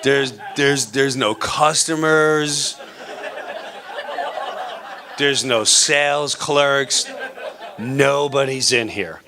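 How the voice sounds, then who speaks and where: A man performing live stand-up on a theater stage, telling a story in an animated, playful way and acting out the people in it. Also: medium pitch, very slow, pauses often, crowd noise. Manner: animated, playful, acts out characters. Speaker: stand-up comedian.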